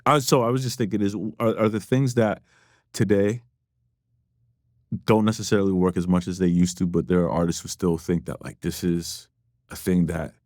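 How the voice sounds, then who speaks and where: A man hosting a casual podcast chat, an artist manager who tells animated stories and swears freely. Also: low-pitched, moderate pace, no echo, clean studio sound.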